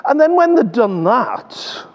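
A man with an English accent leading a lively children's Bible talk, coaxing the kids along and drawing out words slowly. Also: very high-pitched, muffled recording.

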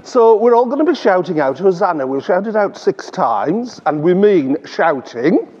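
A man with an English accent leading a lively children's Bible talk, coaxing the kids along and drawing out words slowly. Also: high-pitched, muffled recording.

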